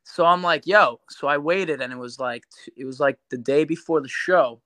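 A man from New York, a podcast guest telling a long story in casual, animated talk, swearing a lot. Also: a little high, normal speed, no room sound. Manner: animated, swears a lot, acts out quoted voices.

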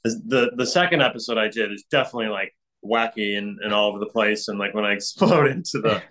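A man's voice: lowish voice, fast talker, fairly bright tone, poor audio. Chatty man full of fillers. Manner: rambling, many fillers like "like" and "um", laughs often. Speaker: actor guest. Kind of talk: casual interview chat.

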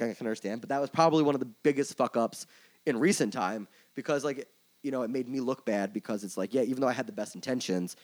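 A man's voice: medium pitch, darkish tone. A man guesting on a podcast about his work in music merchandising and touring, telling a story in a casual, rambling way, full of "like" and swearing, candid and openly emotional. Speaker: tour manager and merch coordinator guest.

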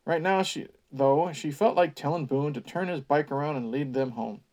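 A man's voice: a little high, normal speed, a little mellow. A man hosting a podcast, reading a book aloud with sarcastic, mocking asides. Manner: wry, mocking asides between passages.

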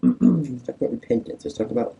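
A male pastor, preaching conversationally and drawing answers from a small group, animated and emphatic. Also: medium pitch, a little fast, breathy edge, rough recording. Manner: animated, coaxing, rises to emphatic peaks. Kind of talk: conversational sermon with group discussion.

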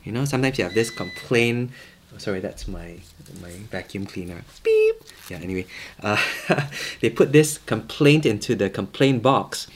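A man's voice: fairly low pitch, expressive, normal speed, slight background noise. A man preaching a casual sermon from home, talking conversationally and repeating words for emphasis. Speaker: pastor.

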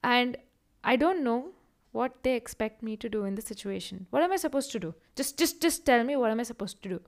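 Rambling young woman podcaster, clear voice. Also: a little high, fairly quick. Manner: rambling and tangent-prone; slips into animated acted-out quotes. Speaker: podcast host. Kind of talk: solo casual podcast monologue.

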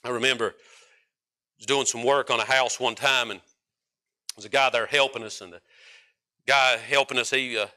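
A man preaching a sermon in a folksy, emphatic way, rising to loud peaks and dropping to quiet stretches. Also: medium pitch, fairly even intonation, moderate pace, long pauses.

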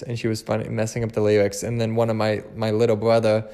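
A man's voice: on the low side, completely flat delivery, quick pace, warm tone. A young man with a slight lisp, hosting a casual solo podcast chat, rambling and restarting his sentences often. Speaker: podcast host.

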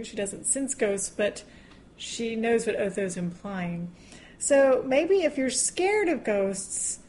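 A woman's voice: fairly high pitch, darkish tone. A woman co-hosting a podcast, chatting casually and laughing often. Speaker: podcast co-host. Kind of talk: casual chat.

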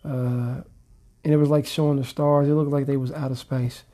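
Low-voiced laid-back woman podcaster. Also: level tone, moderate pace, mellow. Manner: laid-back slangy talk. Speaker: podcast co-host. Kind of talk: casual podcast chat.

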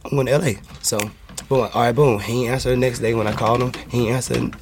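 A man telling a story in casual chat, animated and acting out the voices of the people in it. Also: medium pitch, fast talker, background noise. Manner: animated, acts out quoted voices. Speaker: guest.

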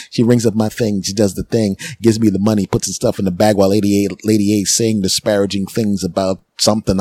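A man hosting a podcast, telling a funny story with lively, repetitive comic phrasing. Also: sits low, slightly rough, no room sound. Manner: animated, repetitive comic retelling. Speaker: podcast host. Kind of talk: comedic storytelling monologue.

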